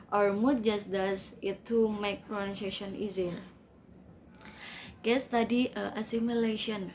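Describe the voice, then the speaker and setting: A woman's voice: medium pitch, a little mellow, slight background noise, poor audio. A young woman student giving a class presentation, reading carefully from her notes.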